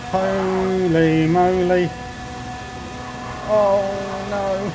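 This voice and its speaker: A man's voice: high voice, drawn-out words, music in the background, low-quality recording. A man streaming a racing game live, chatting to viewers and crying out when he crashes. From England. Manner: excitable, chatty, cries out at crashes. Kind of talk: live gameplay commentary. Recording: game engine noise behind voice.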